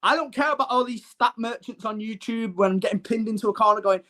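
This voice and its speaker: A man's voice: high voice, steady tone, a little fast, few pauses, sharp tone. A man hosts a live-streamed football show. He talks to his chat in a brash, mocking and emphatic way. His delivery is blunt and combative.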